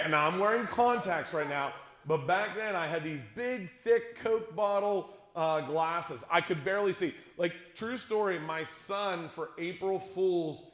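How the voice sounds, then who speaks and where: A middle-aged man telling a funny story to a youth conference audience, acting out what people said and joking with the crowd. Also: on the high side. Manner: animated, acts out quotes, jokes with the crowd. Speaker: youth speaker. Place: large conference hall. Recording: echoey hall.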